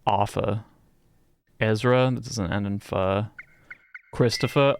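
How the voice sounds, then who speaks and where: Slow-talking, swearing gaming streamer man. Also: on the low side, fairly even intonation, gravelly, slight background noise. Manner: rambling, swears a lot, riffs on silly name puns. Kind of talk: casual live-stream chatter while gaming.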